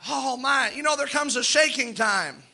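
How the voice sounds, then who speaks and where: High, bright-voiced man preaching a sermon. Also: normal speed, creaky. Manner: folksy storytelling with repeated restarts. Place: church.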